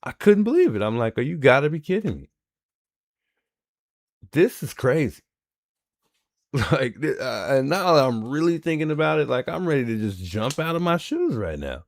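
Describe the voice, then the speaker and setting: A man's voice: mid-range voice, sing-song, normal speed, dry recording, studio quality. A man hosting a livestream, reacting in casual commentary and repeating himself in disbelief. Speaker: livestream host.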